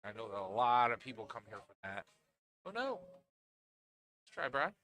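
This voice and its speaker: Chatty bright-voiced pool commentator man. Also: medium pitch, big pitch swings, normal speed. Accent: Northeastern Pennsylvania. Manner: chatty, laughs often, restarts phrases. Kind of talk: live sports commentary.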